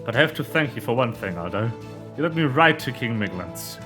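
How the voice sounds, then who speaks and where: A man voicing a cold, scheming male villain commander with slow, menacing line readings from a game. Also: medium pitch, animated, music in the background, lightly acted.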